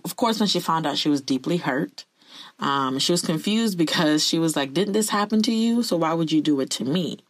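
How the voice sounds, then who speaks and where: A woman's voice: deep voice, dry recording. A woman telling a personal story to her viewers in an earnest, confessional way. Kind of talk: candid personal storytelling to camera.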